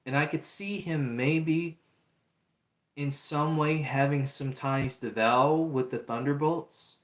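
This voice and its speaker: A young male livestream host talks slowly in a somewhat high, slightly bright voice. His casual chatter is earnest and repetitive, punctuated by chat comments he reads aloud, all captured with a roomy echo.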